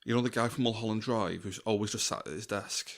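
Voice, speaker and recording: A young man co-hosting a podcast, with a low, deep voice. He chats casually and laughs a lot. He slips into quick mock voices for scenes he describes. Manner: chatty, laughs often, acts out lines from scenes. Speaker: podcast co-host. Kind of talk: casual chat.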